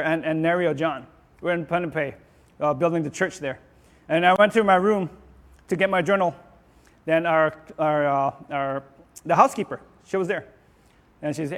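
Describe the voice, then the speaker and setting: High-voiced earnest preaching man. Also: long reverb tail. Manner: earnest, repeats words and restarts often, rises in pitch and volume on declarations. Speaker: pastor. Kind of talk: sermon.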